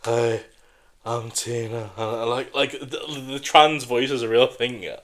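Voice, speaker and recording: A man hosts a casual podcast chat, trading crude, sweary jokes and laughing easily. His voice has a bright, forceful edge over a middle pitch. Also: fairly even intonation, moderate pace. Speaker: podcast host.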